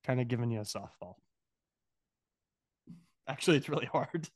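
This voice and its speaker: A man co-hosts a casual podcast, teasing his friend with trivia questions and laughing often. His medium-pitched voice is animated and moderately paced.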